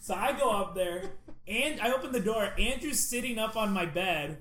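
Young man telling a wild story, high voice. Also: moderate pace, slight background noise. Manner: excitable storytelling, lots of "like", acts out quotes loudly. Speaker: storyteller in a group chat. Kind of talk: casual chat, animated anecdote. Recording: echoey room.

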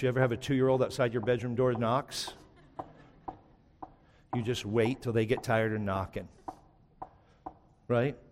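A man preaching a sermon as pastor, shifting between driving emphasis and hushed, slow lines. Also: fairly low pitch. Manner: preaching with sudden drops to a hushed voice. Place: church sanctuary. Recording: long hall reverb.

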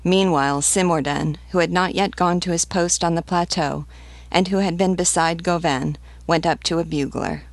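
Woman narrator, audiobook reading, gravelly and dry. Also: lowish voice, steady tone, moderate pace, dry recording. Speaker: literature teacher.

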